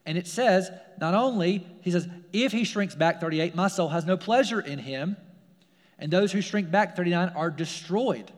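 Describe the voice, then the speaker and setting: A man's voice: high-pitched, normal speed, long reverb tail. A man, a pastor, preaching a sermon in a casual, conversational way, full of fillers and repeated phrases. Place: church sanctuary.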